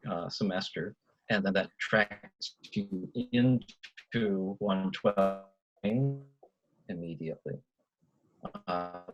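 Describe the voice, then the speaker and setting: A male professor on a video call, answering panel questions in a measured, explanatory way. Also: lowish voice, slightly rough, muffled recording.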